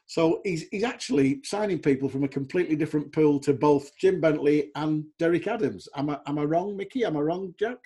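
A man's voice: a little high, fairly quick, hardly any pauses, warm tone, breathy edge. A middle-aged man hosting a casual football chat, a chatty storyteller who livens his anecdotes by acting out other people. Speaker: podcast host.

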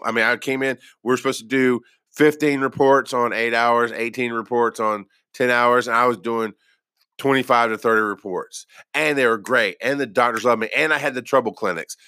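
A man's voice: medium pitch, moderate pace, sharp tone, no echo, clean studio sound. A former paramedic telling his own story in a casual way, rambling and poking fun at himself, with lots of restarts. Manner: rambling and self-deprecating, with many restarts.

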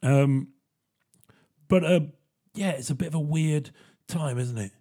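A man's voice: a little high, a little slow, warm tone. A young man hosting a casual solo podcast, rambling and chatty, laughing often. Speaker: podcast host.

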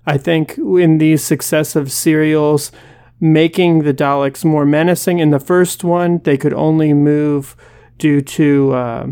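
A podcast co-host talking casually and thoughtfully, pausing with fillers while making comparisons. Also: medium pitch, steady tone, mellow, clean tone. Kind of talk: casual chat.

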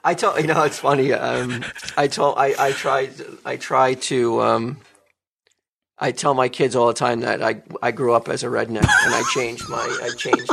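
A man's voice: mid-range voice, huge pitch swings, normal speed, gravelly, fairly bright tone, slight background noise. A man, hosting a casual chat podcast and telling stories animatedly. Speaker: podcast host.

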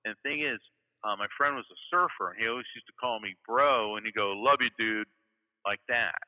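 A man from Florida talks in a low voice, circling and restarting his sentences. His voice comes over a tinny phone-like line with a long reverb tail behind it. He sounds like a guest telling stories in a casual interview. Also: fairly quick. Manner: rambling, with many fillers and restarts. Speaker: psychic medium guest.

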